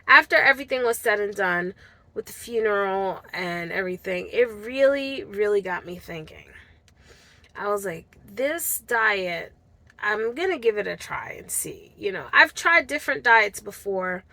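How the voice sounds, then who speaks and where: A woman's voice: medium pitch, lively intonation, measured pace, gravelly, bright, forceful tone, dry recording. A woman vlogger telling a personal story to camera in an earnest, heartfelt way, speaking straight to her viewers. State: tearful at times.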